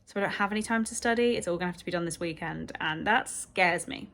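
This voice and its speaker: A woman's voice: lowish voice, fast talker, a bit bright. A woman vlogging casually about her books and her week at home, chatty and rambling, with fillers. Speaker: book vlogger. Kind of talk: casual chat.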